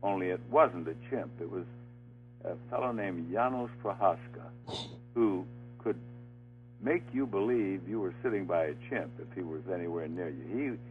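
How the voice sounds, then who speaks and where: An older man recalls his game show days in a low, unhurried voice, pausing on fillers and laughing as he tells the tale. He comes through a thin, phone-like line with faint music behind. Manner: halting anecdote full of uh fillers, laughing as he tells it. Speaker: interview guest, former game show host. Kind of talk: storytelling in an interview.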